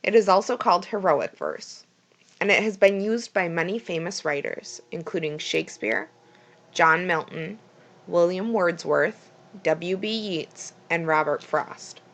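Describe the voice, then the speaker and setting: A woman's voice: fairly low pitch, a little slow. A woman reading a prepared school presentation plainly from her notes, with small slips and restarts.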